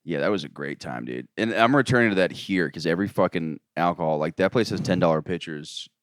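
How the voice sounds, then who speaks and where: A young man from Florida hosts a casual comedy podcast in a low voice that swings up and down a lot. He talks loosely and swears often, trailing off mid-sentence. The sound is close and dry. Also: lively intonation, a little fast, clean tone, dry recording. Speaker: podcast host.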